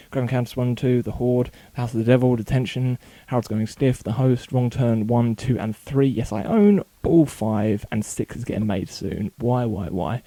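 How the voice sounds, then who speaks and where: A man talking casually in his bedroom for a home vlog, rattling off a long list quickly, with small slips and corrections along the way. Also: medium pitch, mellow, dry recording. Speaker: video blogger.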